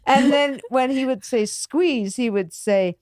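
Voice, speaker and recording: A woman's voice: sits high, a little slow, a little mellow, no room sound, studio quality. A woman guest in a casual chat with friends, animatedly retelling stories and mimicking others.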